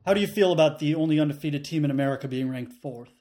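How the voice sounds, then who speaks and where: A man co-hosting a casual sports podcast, riffing with deadpan jokes. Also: fairly high pitch, racing. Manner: jokey, deadpan riffs. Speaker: podcast co-host.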